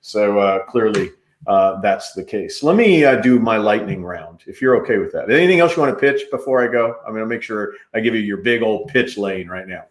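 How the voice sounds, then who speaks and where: A man's voice: on the low side, brisk. A man hosting an interview, talking loosely and energetically, often jumping in. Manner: energetic, jumps in, loose and chatty. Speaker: podcast host. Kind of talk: casual interview chat. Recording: roomy echo.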